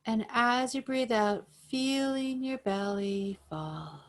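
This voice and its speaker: Lady yoga teacher on a video call, slow calm breathing cues, kinda high voice. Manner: slow, gentle, soothing guidance. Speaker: yoga instructor. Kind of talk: guided breathing instruction over video call.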